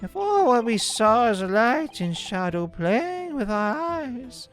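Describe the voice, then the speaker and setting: A brooding, Igor-like male oddball, as a man puts him on who drawls very slowly with a swooping pitch. Faint game music plays underneath. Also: very animated, a bit bright, heavily acted. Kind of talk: game voice-acting.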